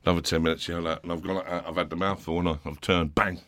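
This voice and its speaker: A man in his fifties with a South London accent, telling rowdy stories with swearing and laughter, loud bursts when he acts out others. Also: low voice, level tone, racing. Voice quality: rough-edged, laughs through his stories. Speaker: guest, former footballer. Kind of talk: casual storytelling with swearing.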